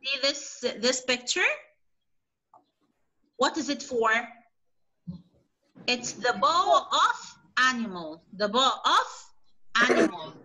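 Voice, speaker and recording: A young woman teaching a spelling lesson to young children online, repeating each word slowly and patiently. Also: high voice, big pitch swings, sharp tone, rough recording.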